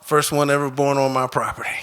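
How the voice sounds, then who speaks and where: A man telling a personal story live on stage, animated and laughing through it. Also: medium pitch, a little fast, clear, resonant tone.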